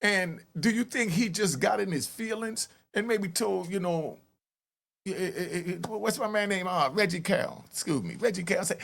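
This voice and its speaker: A man giving a lively storytelling commentary, acting out calls and yells. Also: high-pitched, normal speed, gravelly, husky. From New York. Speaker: commentary host. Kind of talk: animated street-talk commentary.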